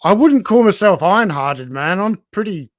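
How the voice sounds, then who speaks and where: A man's voice: high voice, lively intonation, normal speed, dry recording, studio quality. A man guesting on a casual livestream, candid and self-deprecating, laughing often. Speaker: guest toy channel host.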